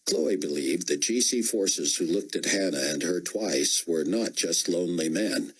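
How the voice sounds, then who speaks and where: Brief: low-voiced male narrator, husky texture, lively inflection. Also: unhurried, poor audio. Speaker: audiobook narrator. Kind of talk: scripted narration.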